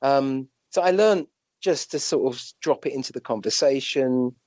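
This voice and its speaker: British male guest, a doctor telling anecdotes; chatty, restarts a lot, pitch leaps up, dry room. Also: moderate pace, no room sound. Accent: British English. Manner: animated, rambling anecdotes with restarts and acted-out quotes. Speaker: guest, physician and medium. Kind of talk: conversational storytelling.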